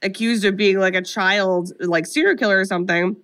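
A woman co-hosting a podcast, retelling a film plot in a casual comedic way, animated and profane with lots of "like". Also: mid-range voice, brisk, clean tone. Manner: animated, profane storytelling full of "like". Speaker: podcast co-host.

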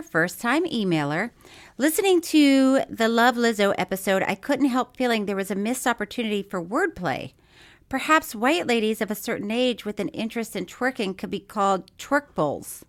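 A woman co-hosting a podcast in casual chat, laughing often and talking in a playful, animated way. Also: fairly high pitch, moderate pace. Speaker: podcast co-host.

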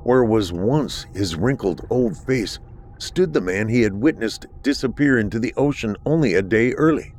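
A man narrating a horror story with steady, dramatic delivery. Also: medium pitch, moderate pace.

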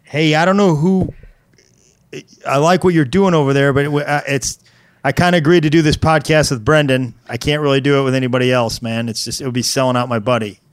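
A man's voice: mid-range voice, steady tone, quick pace, clear, resonant tone. A man co-hosting a comedic podcast who plays along with a mock-earnest manner. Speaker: podcast co-host.

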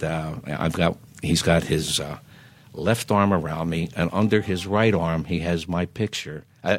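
An older man, a singer guest telling lively anecdotes in casual chat, stammering on restarts and acting out other people's lines. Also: low-pitched, slightly rough, no echo. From Philadelphia. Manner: animated anecdotes, acts out quoted voices, stammers restarts.

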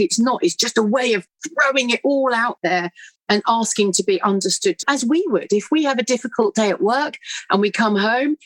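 A middle-aged British woman talks as a guest, quick and animated as she tells a story, her voice moving easily up and down. Her pitch sits in an ordinary middle range. The recording is close and dry, with no room sound. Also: dry recording, poor audio. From United Kingdom. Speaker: guest author. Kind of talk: conversational storytelling.

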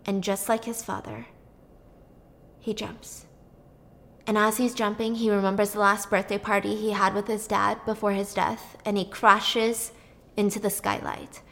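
A woman casually retelling a film's plot in an animated, chatty way, swearing freely. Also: mid-range voice, a little slow, creaky. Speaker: storyteller. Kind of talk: casual movie plot recap.

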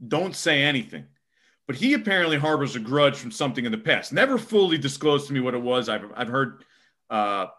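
Sports reporter, male, bright and forceful delivery, casual, filler-heavy storytelling. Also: medium pitch. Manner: rambling, lots of fillers.

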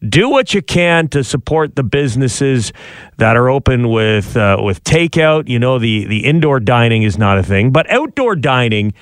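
A man's voice: mid-range voice, sing-song, moderate pace, dry recording. A man co-hosting a morning radio show, chatty and jokey, laughing often, on a studio microphone. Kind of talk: casual morning radio banter.

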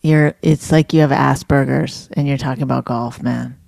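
A woman's voice: a bass voice, steady tone, normal speed, vocal fry, darkish tone, no room sound. A young woman co-hosting a podcast in casual chat, teasing and sarcastic, often sounding bored. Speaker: podcast co-host.

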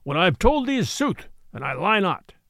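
A man's voice: high voice, sing-song, moderate pace, vocal fry, a bit bright, no room sound, studio quality, heavily acted. A man voicing a cunning outlaw who fakes a harsh voice. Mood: scheming.

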